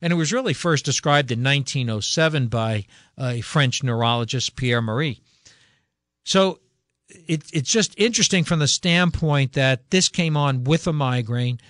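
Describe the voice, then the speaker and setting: Dry-miked radio doctor. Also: male voice, medium pitch, a bit bright, dry recording. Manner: conversational, with frequent fillers and restarts. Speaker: radio health show host, physician. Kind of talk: casual talk radio monologue. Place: radio studio. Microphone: studio radio mic.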